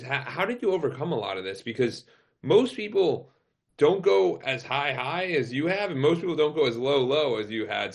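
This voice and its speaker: A man hosts a podcast with an ordinary mid-range voice. He talks casually and asks long, rambling questions. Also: medium pitch. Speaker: podcast host. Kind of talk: casual interview chat. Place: remote call.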